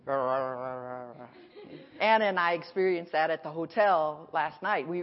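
A woman pastor from the United States preaching a sermon at a conference, speaking in emphatic, repeated declarations with dramatic pauses. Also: mid-range voice, dull audio. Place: conference hall.

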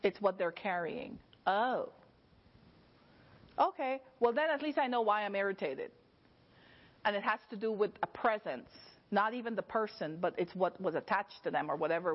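Brief: woman Bible teacher, slightly high voice, talky sermon style, dull lo-fi recording. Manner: conversational, often checks in with the listeners.

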